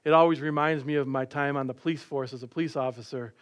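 A man's voice: mid-range voice, steady tone, fast, clear, resonant tone. A middle-aged man preaching a sermon, telling stories with light laughs and playful quoted voices.

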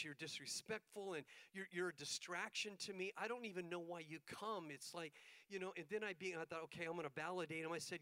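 A man's voice: sits high, pushed and bright, no room sound, low-quality recording. A middle-aged male pastor telling a story in a sermon, acting out the dialogue as he goes.

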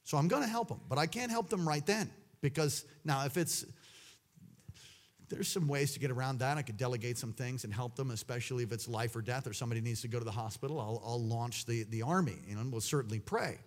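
A man preaching a sermon, swinging between loud exclamations and hushed asides. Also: medium pitch, fast talker.

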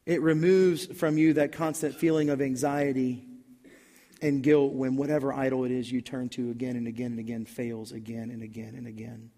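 A man's voice: medium pitch, level tone, normal speed, dark tone, big-room sound. A man preaching a sermon in a conversational style, telling a personal story and then building to emphatic points. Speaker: pastor.

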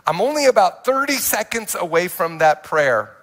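Young male pastor, animated testimony, slightly high voice, restless restarts. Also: normal speed. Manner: animated storytelling with many restarts and quoted asides. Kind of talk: sermon testimony.

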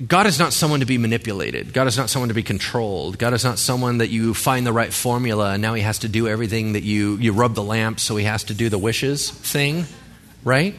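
A man's voice: on the low side, expressive, brisk, a bit bright. A male pastor giving a sermon in a conversational way, with joking asides and rhetorical questions.

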